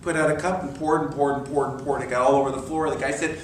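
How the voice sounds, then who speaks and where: Guy doing a sermon-type class in a church, kinda high voice, big echo, mic way back, faint hiss. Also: fast. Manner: animated storyteller, acts out quoted voices. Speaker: minister. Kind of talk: sermon-style class talk. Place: church hall. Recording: echoey hall from far off.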